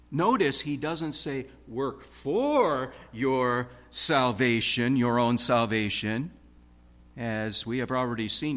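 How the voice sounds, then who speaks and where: A man preaching a sermon in a rhythmic, emphatic way, swinging from loud stress to hushed tones. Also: fairly high pitch.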